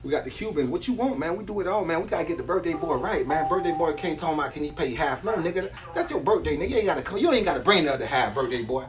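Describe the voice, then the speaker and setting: A man's voice: on the high side, animated, very fast, hardly any pauses. A man, selling jewelry on a phone live stream, boastful and slangy, repeating his hype lines.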